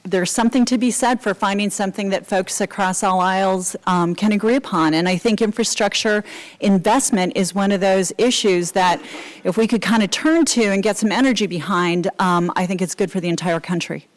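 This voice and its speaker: Woman, panelist, measured, long winding sentences, audience setting, mid pitch. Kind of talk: panel discussion. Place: conference room with audience.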